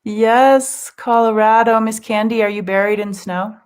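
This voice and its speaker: A woman hosting a live spiritual group session, chatting gently and affectionately as she reads out viewers' comments with soft laughs. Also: on the high side, fairly even intonation, measured pace. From California. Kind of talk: casual live-stream chat.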